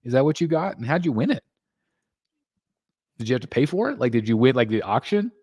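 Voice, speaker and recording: Guy hosting a chill live stream at home, reading chat and thanking members, gets loud and excited, dry close mic. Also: brisk, breathy edge, dry recording. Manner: chatty, reads viewer comments aloud and thanks members; excitable, jumps in pitch when greeting members. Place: home room.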